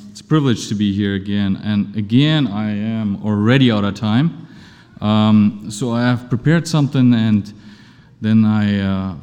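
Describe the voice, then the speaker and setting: A man's voice: fairly low pitch, mellow. A man preaching and reading scripture aloud, talking in a conversational, self-deprecating way to his congregation in a church. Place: church hall. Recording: long reverb of a large hall.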